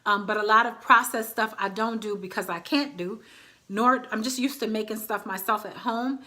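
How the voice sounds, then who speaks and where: A woman vlogger in her thirties talks casually straight to her viewers, calling them y'all. Her voice is bright and sits a little high, with an easy, friendly flow. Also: normal speed. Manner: chatty, addresses viewers as y'all. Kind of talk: casual chat to camera.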